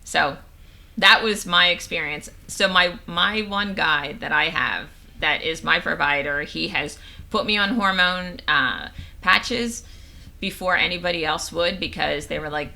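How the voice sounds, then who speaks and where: A woman in her fifties, a podcast guest, telling a personal story in a lively way and acting out the lines of other people. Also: fairly low pitch, unhurried, gravelly. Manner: animated storyteller acting out quoted dialogue. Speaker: guest, nurse and menopause coach. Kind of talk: casual storytelling interview.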